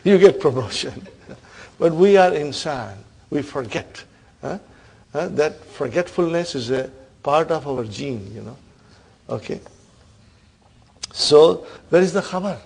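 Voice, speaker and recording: A man leads an Arabic grammar class in a slightly high, gravelly voice. He drills the terms over and over and keeps checking with a quick "huh?". He encourages students who get answers wrong. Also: lively intonation, a little mellow. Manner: quizzing students, repeating terms, frequent "huh?". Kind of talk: classroom lesson.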